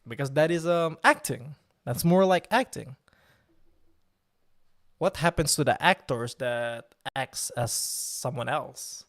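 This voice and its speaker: A man's voice: on the high side, animated, takes it slowly, a bit bright. A man chatting casually on a live stream, joking and laughing at himself. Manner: joking, laughs often, self-mocking.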